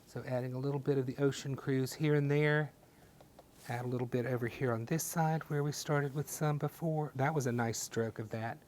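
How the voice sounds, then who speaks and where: A man teaching a step-by-step painting class, talking gently and encouragingly with folksy little sayings. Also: medium pitch, steady tone, normal speed, a little hiss or hum. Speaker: painting instructor.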